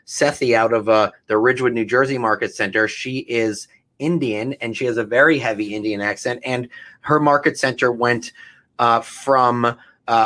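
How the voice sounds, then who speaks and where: A man's voice: medium pitch, bright, forceful tone. A man hosting a casual podcast chat, talking in a loose, rambling way with lots of fillers. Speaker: podcast host.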